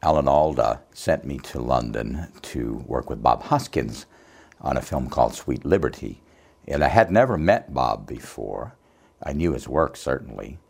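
A dialect coach, a man, telling an anecdote in an expressive storytelling way. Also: rumbling low, a little slow, creaky, breathy edge. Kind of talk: anecdotal interview.

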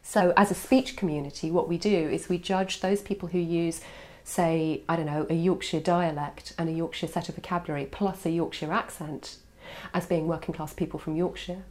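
A woman scholar explaining at length in a measured interview style. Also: on the low side, steady tone, darkish tone. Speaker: language scholar.

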